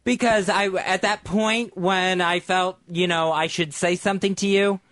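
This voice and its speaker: A man's voice: sits high, fairly even intonation, a little slow, a bit bright, no room sound, clean studio sound. A man co-hosting a radio show, earnest and a little rambling as he explains his feelings. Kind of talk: casual radio banter.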